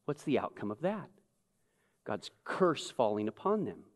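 Animated preacher in a reverberant hall. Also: male voice, medium pitch, measured pace. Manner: animated, swings between loud and hushed. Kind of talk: sermon. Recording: long reverb of a large hall.

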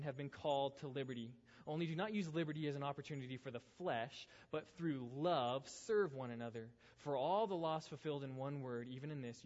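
A man preaches a sermon with a slightly raised voice, leaning on rhetorical questions and repeated lines. His voice rings out with long reverb in a large hall. The sound is dull and lo-fi. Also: fairly high pitch. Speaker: pastor.

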